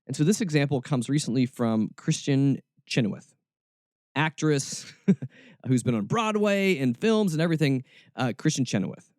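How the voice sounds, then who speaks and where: A man's voice: mid-range voice, animated, normal speed, a little mellow, no room sound, clean studio sound. A man hosting a faith podcast, talking emphatically with sarcastic asides. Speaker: podcast host. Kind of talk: podcast commentary.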